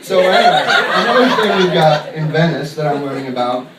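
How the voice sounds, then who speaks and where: A man's voice: fairly high pitch, expressive. Young man rambling on a club stage. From upstate New York. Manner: rambling, loose storytelling with lots of fillers; acts out other people in quick put-on voices. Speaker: stand-up comedian. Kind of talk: stand-up comedy set. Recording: roomy club sound from a distant mic, audible ambience. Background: crowd laughter.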